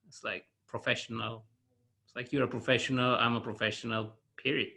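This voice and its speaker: A man hosts a podcast in a relaxed conversation. His voice is gravelly with plenty of fry and a bright, forceful edge. He talks hesitantly, restarting his phrases and clearing his throat. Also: mid-range voice, fairly quick. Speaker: podcast host. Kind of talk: casual conversation.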